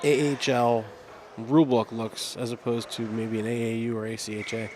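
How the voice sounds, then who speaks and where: A man's voice: mid-range voice, level tone, moderate pace, background noise. A man giving casual color commentary at an amateur hockey game, laid-back and chiming in with short agreements.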